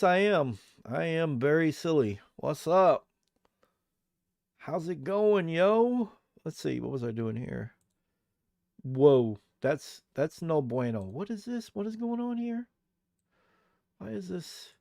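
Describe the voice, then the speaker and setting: Brief: young American man, live streamer, slow and goofy, slightly high voice, dry close sound. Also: vocal fry, darkish tone, no echo. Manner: goofy, chatty, talks to chat while working. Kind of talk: casual live-stream chat.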